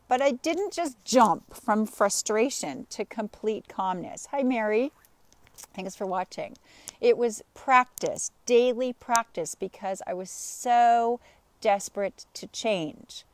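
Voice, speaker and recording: A woman life coach on a live stream, telling an animated personal story and greeting viewers by name. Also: fairly high pitch, slight background noise. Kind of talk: live-streamed motivational talk.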